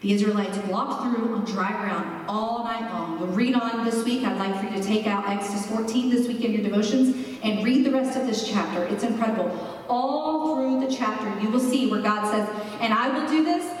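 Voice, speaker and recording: A woman preaching a sermon, expressive and slowing down for emphasis. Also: medium pitch. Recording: echoey hall, mic far off.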